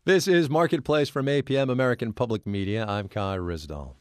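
A man hosting a radio interview, asking relaxed, conversational questions with a few hesitations. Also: medium pitch, brisk, no echo, studio quality. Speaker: radio show host. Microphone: studio mic.

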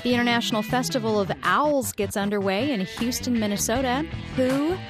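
A woman's voice: a little high, a little fast. Female radio presenter, upbeat scripted teasers, guitar music underneath. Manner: bright, playful headline reading. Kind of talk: scripted news preview. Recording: voice over guitar music bed.

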